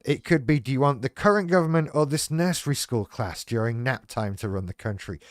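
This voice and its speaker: A man's voice: mid-range voice, lively intonation, fairly quick, dry recording, studio quality. A man hosting a livestream, chatting frankly and wryly, with plenty of swearing. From United Kingdom. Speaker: livestream host. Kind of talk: casual chat.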